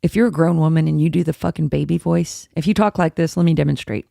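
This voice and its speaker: A woman's voice: deep voice, fast, vocal fry, hardly any pauses, mellow, no room sound, studio quality. A woman hosting a casual livestream movie review, chatty, blunt and often profane. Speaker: horror show host.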